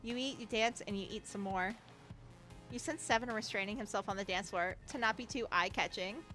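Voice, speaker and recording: A woman's voice: medium pitch, brisk, pushed and bright, faint music behind. A young woman streaming a game, reading its text aloud with chatty, giggly commentary and casual swearing. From United States.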